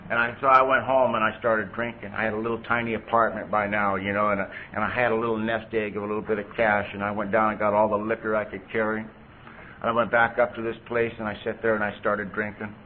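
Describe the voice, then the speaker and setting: A man's voice: lowish voice, flat delivery, fast talker. Man telling his story over a tinny tape. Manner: conversational storytelling with frequent "you know". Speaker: recovery meeting speaker. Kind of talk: personal recovery story talk. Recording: tinny phone-like tape with faint hiss.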